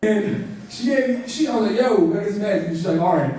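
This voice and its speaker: A man's voice: high voice, brisk, very noisy. A young man doing stand-up comedy, rambling through stories with lots of fillers, in front of a live crowd. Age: young adult. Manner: rambling, filler-heavy storytelling. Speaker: student stand-up comic. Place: large university hall, live audience. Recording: echoey hall, distant mic, audience laughter.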